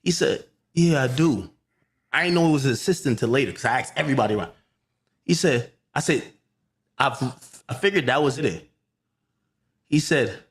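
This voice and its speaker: A man's voice: mid-range voice, expressive, normal speed, pauses often. A man telling a heated story, acting out the dialogue and swearing emphatic oaths.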